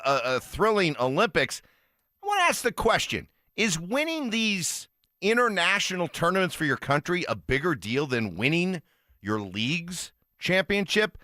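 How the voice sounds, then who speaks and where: A male sports radio host with a bright, forceful voice that swings widely in pitch. He talks wryly and quickly, steering the conversation, and the studio sound is dry. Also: dry recording.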